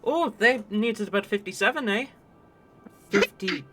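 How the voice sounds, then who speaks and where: A man's voice: sits high, expressive, unhurried, over loud music, voice pushed up. A man voicing a boisterous, overfriendly male stranger from the elemental plane of water, with a put-on Canadian-sounding accent and a habit of ending lines with "eh". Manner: tags sentences with "eh", overly friendly.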